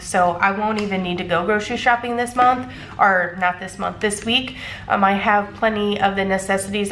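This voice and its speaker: A stuffy-nosed woman in her thirties chats easily as she counts out cash, with lots of little ums along the way. Her voice sits at a middle pitch and rings off the walls of an echoey room. A faint hum of room noise sits under her voice. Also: a bit bright. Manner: chatty, frequent ums, counting bills aloud. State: congested. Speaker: cash budgeting vlogger. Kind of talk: casual chat.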